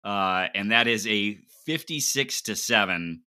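Bright, lively young male podcast host. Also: lowish voice, clean tone, no echo, studio quality. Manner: upbeat, quick announcer-like delivery. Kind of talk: casual sports podcast chat.

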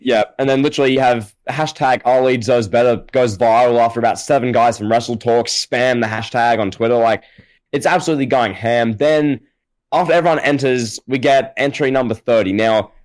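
Male podcast co-host, mid-pitched, animated hyperbolic storyteller. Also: brisk, low-quality recording. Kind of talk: casual podcast chat.

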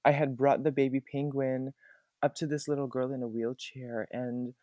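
A young man who is a podcast guest, telling his stories in an earnest, animated and grateful way. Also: medium pitch, moderate pace, dry recording, studio quality. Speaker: guest, former theme park puppeteer. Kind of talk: conversational podcast interview.

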